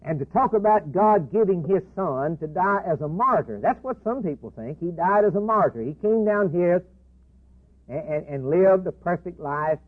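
Male preacher, fervent sermon delivery, slightly high and husky, thin phone-like sound. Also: lively intonation, normal speed. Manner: impassioned, repetitive, swinging between loud declarations and hushed asides. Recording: tinny phone-like band, husky.

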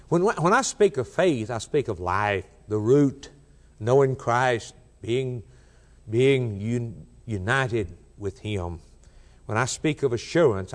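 A man preaching a sermon, emphatic and rhythmic, rising loud and dropping soft, slowing down when he quotes scripture. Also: medium pitch. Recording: long reverb of a large hall.

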